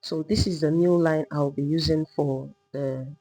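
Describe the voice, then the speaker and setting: A woman teaching a step-by-step sewing tutorial, calmly talking through each move while she drafts and cuts a pattern. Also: low voice, normal speed, low-quality recording. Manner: patient, repetitive demonstrating, talking while working. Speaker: sewing instructor.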